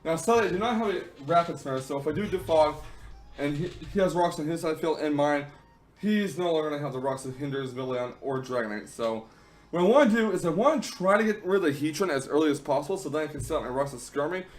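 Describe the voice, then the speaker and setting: A young man hosting a gaming channel, chatting through a game battle with frequent ums and quick self-corrections. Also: fairly high pitch, animated. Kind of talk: casual battle commentary.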